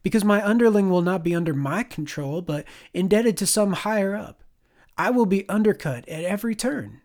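A woman's voice: on the low side, wildly swooping pitch, brisk, vocal fry, heavily acted. A man voicing a bitter, scornful woman captain who mocks her new underling. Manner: mocking, sneering.

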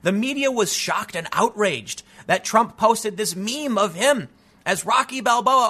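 Male solo commentary host, high lively voice, bright tone, sarcastic and stammering. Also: a little slow, slightly rough. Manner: animated, mocking, stammers repeats.

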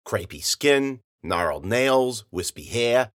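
A man narrates a gritty first-person tale in slangy, rough-grammared speech. His voice is bright and forward. He rides wide, animated pitch swings through the telling. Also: slow pace. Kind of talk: hard-boiled first-person story narration.

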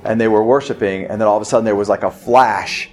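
A man preaching a sermon as pastor, earnest, moving from hushed low passages to insistent urging. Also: steady tone, quick pace, roomy sound, crowd noise.

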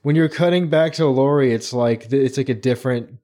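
A man with a mid-range voice chatting casually on a podcast. He retells scenes animatedly, slipping into quick acted-out lines and laughing as he goes. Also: medium pitch, mellow. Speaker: podcast co-host. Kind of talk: casual book discussion.

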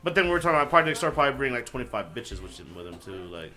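A man's voice: medium pitch, big pitch swings, rapid-fire, bright, forceful tone. A man telling a rambling story in a casual podcast chat, his voice often trailing off. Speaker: podcast regular.

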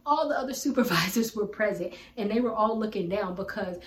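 A woman's voice: medium pitch, animated, a little fast. Earnest woman teaching scripture in an echoey room. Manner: conversational, earnest, colloquial. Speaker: Bible teacher. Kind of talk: casual Bible teaching with personal story. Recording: roomy echo, distant from mic, faint background hum.

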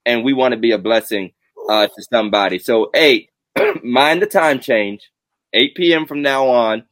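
A man hosts a casual online show in a dry, close-sounding space. He jokes with his guests and draws out his announcements. His voice sits mid-pitch and relaxed. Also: no echo. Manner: joking, drawn-out announcements. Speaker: host. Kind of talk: casual live-stream chat.

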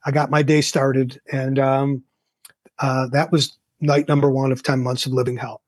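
A man's voice: mid-range voice, moderate pace, husky, dry recording, studio quality. An older man, a guest entrepreneur, telling a personal story in a casual interview and acting out the dialogue. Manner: animated, acts out quoted dialogue.

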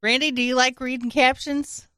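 Brief: playful female podcast co-host, quick teasing asides, dry studio sound. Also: sits high, little pitch movement, fairly bright tone, smooth, no room sound. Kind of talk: casual podcast banter.

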